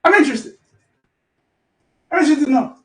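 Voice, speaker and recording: A man hosting a casual storytelling session for his community. He is animated, laughs often, swears, and keeps checking in with "okay?". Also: very high voice, fairly quick, roomy sound, recorded from a distance. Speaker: host.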